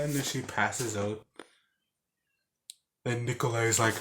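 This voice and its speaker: A man talks through a video game's story in a loose, rambling way, full of fillers and false starts. His voice sits at an ordinary middle pitch. Now and then he breaks into growls and sound effects for the characters. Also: steady tone, moderate pace, pauses often, pushed and bright, a little hiss or hum. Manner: acts out game characters with grunts and sound effects. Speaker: game reviewer. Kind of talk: casual game recap.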